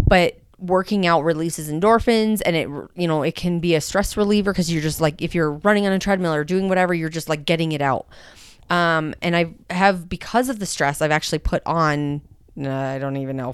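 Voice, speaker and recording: Candid lady rambling on her podcast, super clear voice, dry sound. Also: low voice, no room sound. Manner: rambling and candid, many fillers. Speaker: podcast host. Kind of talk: casual personal podcast talk.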